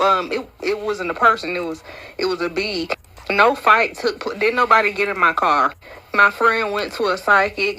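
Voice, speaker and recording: A woman telling a funny personal story in a casual, lively way, acting out the quotes. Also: fairly low pitch, rough recording. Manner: lively, laid-back storytelling with acted-out quotes.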